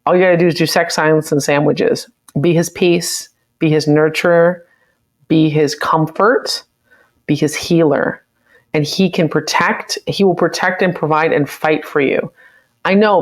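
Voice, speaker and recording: Speaking at a measured pace in a steady, low-pitched tone, this livestream host is an American woman from the United States. She reads out comments from viewers and responds with chatty, opinionated reactions.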